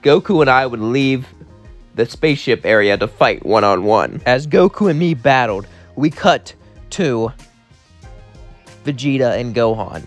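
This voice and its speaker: A man's voice: mid-range voice, expressive, measured pace, soft background music. Young man telling a fan story. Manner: rambling, acts out every character himself. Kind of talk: casual fan-fiction narration.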